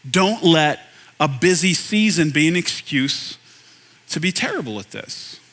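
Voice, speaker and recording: Man, 30s, pastor; bright, slightly high voice, relaxed conversational preaching. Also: unhurried. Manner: conversational, self-deprecating, asks the audience questions. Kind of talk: sermon. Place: church hall.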